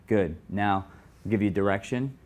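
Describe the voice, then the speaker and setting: A man coaching actors in an acting studio, giving quick direct notes between takes. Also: lowish voice, a little mellow. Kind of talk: live coaching in an acting class.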